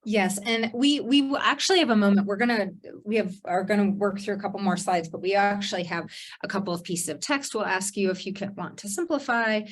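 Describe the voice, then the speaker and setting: A woman co-teaching an online writing workshop, talking quickly and casually with restarts, over a video call. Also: medium pitch.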